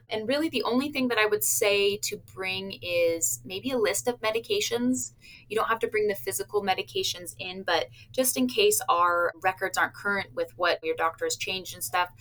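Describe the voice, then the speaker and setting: A woman's voice: mid-range voice, normal speed, fairly bright tone. A woman who works with cardiac stress tests, answering interview questions in an upbeat, plain-spoken way with small laughs. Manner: upbeat, explains plainly with little laughs and playful patient quotes. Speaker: cardiac stress test staff member.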